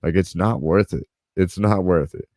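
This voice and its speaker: A man's voice: deep voice, moderate pace, dark tone, no echo, clean studio sound. A man hosting a podcast, telling a story casually, swearing freely and acting out what others said. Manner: laid-back, swears freely, acts out quotes. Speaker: podcast host.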